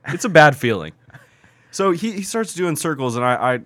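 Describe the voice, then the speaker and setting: A man in casual podcast chat, retelling a video game match in a lively, profane way with lots of fillers. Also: on the high side, moderate pace, dry recording, clean studio sound.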